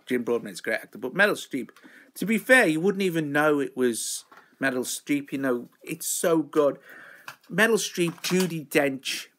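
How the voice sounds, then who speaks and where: A man's voice: medium pitch, fairly bright tone. A man hosting a live show, chatting in a rambling, self-mocking way. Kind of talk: casual live-stream chat.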